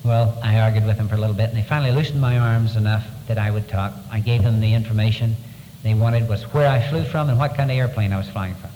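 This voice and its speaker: A man giving a first-person testimony to an audience, telling his story in an earnest, halting way, his voice sinking low at the hardest moments. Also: fairly even intonation, big-room sound, lo-fi sound, a little hiss or hum. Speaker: former prisoner of war giving testimony.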